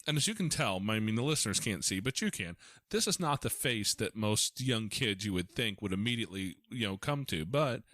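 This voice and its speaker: A man's voice: lowish voice, fairly quick, no echo. A man hosting a podcast as a foster parent, telling stories casually with lots of restarts. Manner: storytelling, animated, frequent restarts.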